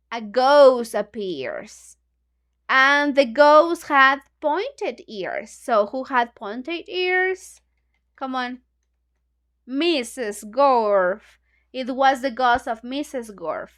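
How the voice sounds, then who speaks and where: A woman with a Mexican Spanish accent reads a storybook to English learners and stops often to explain it in a chatty way full of fillers. Her voice is high and smooth, and she takes her time. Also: a bit bright. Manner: chatty, hesitant, many fillers, glosses lines in Spanish. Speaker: English book club teacher. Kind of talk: reading a storybook aloud and explaining it.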